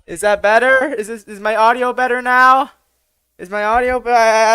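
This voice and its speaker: A man's voice: very high-pitched, steady tone, normal speed, bright, forceful tone, clear, resonant tone, no room sound. A young man with a boyish voice chatting casually on a live stream, swearing a lot and running himself down in a rambling way. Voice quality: boyish, youthful-sounding. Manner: profane, self-deprecating, rambling.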